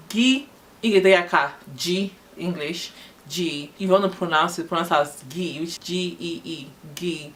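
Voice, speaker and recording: A woman with a slightly low voice and a Nigerian Igbo accent leads an Igbo alphabet lesson. She spells letters out slowly and clearly. Then she rattles off short example sentences. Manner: slow, careful spelling of letters, then quick example phrases. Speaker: Igbo language teacher.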